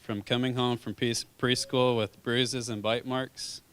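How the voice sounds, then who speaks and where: Best man, 30s guy, smooth clear voice, roasting the groom a bit at the reception. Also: mid-range voice, flat delivery, a little slow, a bit bright. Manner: joking, teasing the groom. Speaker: best man giving a toast. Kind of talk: wedding toast speech. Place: wedding reception hall.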